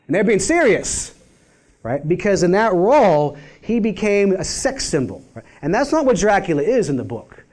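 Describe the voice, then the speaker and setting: Guy lecturing, animated and jokey, lots of pitch swings. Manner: animated, wry, conversational asides. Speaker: university lecturer. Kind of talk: public lecture.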